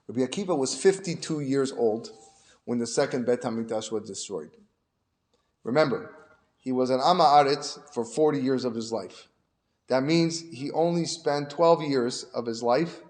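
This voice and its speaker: A male rabbi giving a Torah lesson, telling a story and building to animated emphasis. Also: medium pitch.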